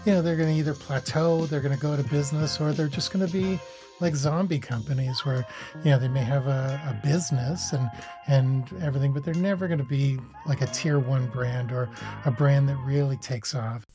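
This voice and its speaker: A man speaking casually as an interview guest, talking loosely and freely with plenty of fillers and restarts. His pitch sits in a middle range, with faint music under the voice. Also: a little fast. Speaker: agency founder and guest.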